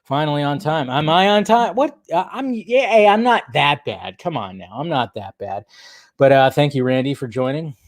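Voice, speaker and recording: This livestream host is a young man whose voice sits a little high and sounds animated at a normal speed. Chatting casually, he greets viewers by name and lets out a slight throaty cough, all recorded dry through a desk mic.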